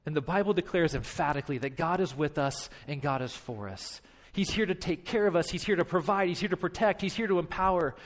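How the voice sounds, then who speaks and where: A man's voice: fairly high pitch, brisk, hardly any pauses. A pastor in his thirties preaching a sermon, with impassioned, repetitive phrasing and acted-out dialogue.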